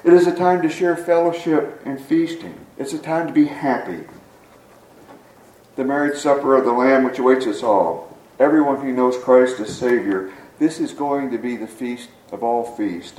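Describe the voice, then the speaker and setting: A man's voice: medium pitch, moderate pace, darkish tone. A man preaching a sermon, reading scripture and telling an anecdote in an earnest storytelling delivery. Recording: echoey room, mic at a distance.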